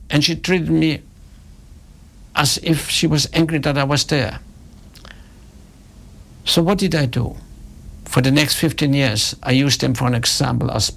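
Gravelly, husky man telling a story. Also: fairly high pitch. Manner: emphatic, repeats key points. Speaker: speaker on customer service. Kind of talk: storytelling talk to an audience.

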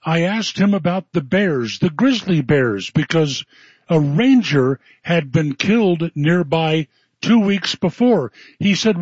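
A man's voice: fairly high pitch, expressive, takes it slowly, husky, no echo. A man hosting a radio talk show, telling a folksy story in a wry way. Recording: muffled, dry radio broadcast.

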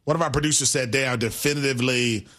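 Bright-voiced laid-back man co-host. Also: mid-range voice, fairly even intonation, fast talker. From Milwaukee, Midwest US. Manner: laid-back, rambling, laughs easily. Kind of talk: casual podcast chat.

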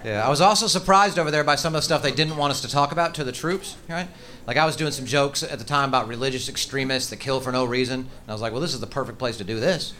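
A man doing stand-up comedy in a brisk, conversational way before a live audience. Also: mid-range voice. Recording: live show with crowd noise.

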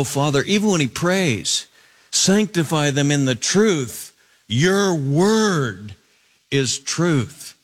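A man preaching an expository sermon, animated, swinging from soaring high phrases down to low, emphatic tones. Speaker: pastor.

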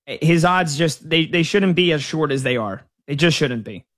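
A man's voice: fairly high pitch, animated, normal speed, a bit bright. A man talking casually as a sports betting analyst, conversational with frequent fillers. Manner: conversational, uses fillers like "you know".

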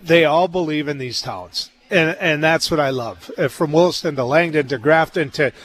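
A man's voice: fairly high pitch, moderate pace, fairly bright tone. A man hosting a radio interview show, talking in an upbeat, chatty way with frequent fillers.

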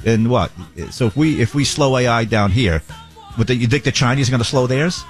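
A man's voice: medium pitch, brisk, faint music behind. A man hosting a show, giving joking political commentary and mocking impressions. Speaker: radio show host.

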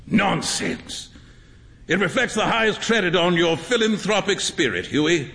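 A man voicing a jovial, teasing upper-class gentleman painter in a story reading. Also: high voice, animated, measured pace, vocal fry, in a large hall, voice pushed up, heavily acted. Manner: hearty, teasing, laughing.

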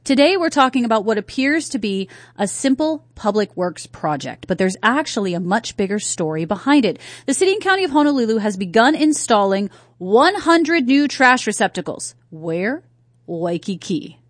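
A woman's voice: on the high side, sing-song, normal speed, dry recording, studio quality. A woman from North Carolina hosting a talk radio show, chatting casually and asking her listeners rhetorical questions. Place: radio studio. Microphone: studio microphone.

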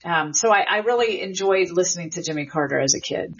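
A woman's voice: fairly low pitch, lively intonation, slight background noise. A middle-aged woman from the American South, a guest linguist explaining speech and accents in a thoughtful, reflective way. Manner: thoughtful, reflective, drawn-out phrasing. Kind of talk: explanatory conversation. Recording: muffled lo-fi audio.

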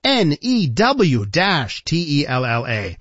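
A man with a slightly high voice hosts a talk radio show, his pitch leaping around as he tells a story. The sound is dry and a little dull, as if heard on a radio broadcast. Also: takes it slowly, no room sound. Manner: animated, addresses listeners as ladies and gentlemen.

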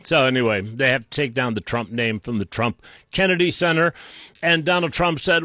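A man's voice: a little high, moderate pace, fairly bright tone, no echo, clean studio sound. A man giving an unscripted political rant, scornful and insulting, rambling with frequent restarts. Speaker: political commentator.

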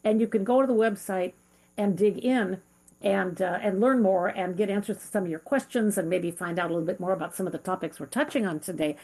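A woman's voice: mid-range voice, brisk, a little mellow. Earnest middle-aged woman hosting an interview. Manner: earnest, heartfelt, with frequent fillers. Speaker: interview host. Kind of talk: conversational interview.

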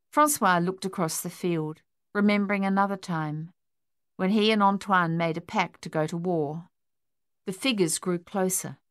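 A woman's voice: fairly low pitch, no echo, clean studio sound. Woman narrating an audiobook. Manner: measured, even storytelling delivery.

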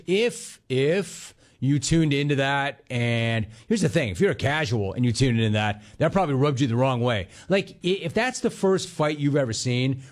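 A man hosting a sports talk radio show, talking in a conversational, emphatic way with quick bursts and repeated words. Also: mid-range voice.

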